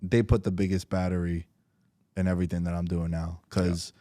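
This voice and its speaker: A young man talking as a podcast guest, slangy and emphatic, telling animated stories into a close studio mic. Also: sits low, brisk, no room sound. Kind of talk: casual podcast conversation.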